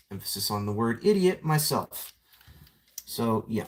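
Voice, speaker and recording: A man's voice: a little high, normal speed, a little mellow, a little hiss or hum. A young man chatting casually on a live stream while transforming a toy figure, rambling, self-mocking and greeting viewers by name.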